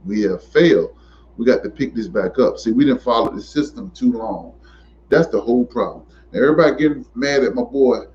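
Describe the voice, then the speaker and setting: A man's voice: mid-range voice, a little hiss or hum. Fired-up man going off in a monologue, repeats himself a lot, muffled lo-fi sound. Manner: preachy, repetitive, emphatic, rising to near shouts. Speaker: commentator. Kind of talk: impassioned monologue to camera. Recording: dull lo-fi recording.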